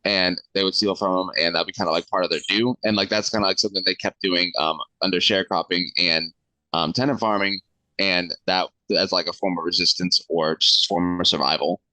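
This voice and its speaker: A man's voice: deep voice, fairly even intonation, a little fast, sharp tone, no room sound, poor audio. A male podcast guest explaining history in a hesitant way, with many fillers. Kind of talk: casual podcast chat.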